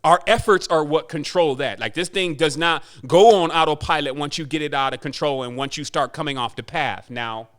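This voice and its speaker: A man hosting a spiritual podcast, talking in an emphatic, preachy monologue and mimicking people in quick asides. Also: a little high, a bit bright. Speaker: podcast host.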